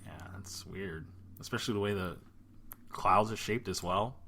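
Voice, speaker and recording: A man's voice: deep voice, moderate pace, pushed and bright, a little hiss or hum. A man co-hosting a casual podcast chat, hesitant with restarts and dry remarks. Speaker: podcast co-host.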